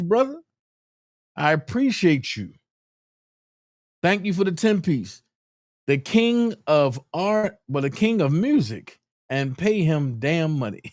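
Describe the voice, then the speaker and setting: A man hosting a live commentary stream, giving shout-outs to viewers and then speaking bluntly and heatedly, repeating his points for emphasis. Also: fairly high pitch, no echo, clean studio sound.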